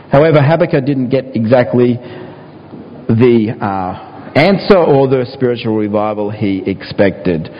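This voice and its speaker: A man's voice: fairly low pitch, dull audio, a little hiss or hum. Man preaching in a reverberant hall. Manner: pleading, dramatizes prayers in a raised voice. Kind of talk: sermon.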